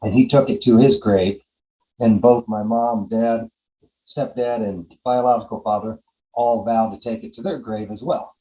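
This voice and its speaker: A man's voice: lowish voice, fairly even intonation, measured pace, muffled recording. Earnest man in his forties recounting. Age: 40s. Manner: earnest, re-enacts his own side of a conversation, repeats himself. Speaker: podcast guest. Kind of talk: personal storytelling in an interview.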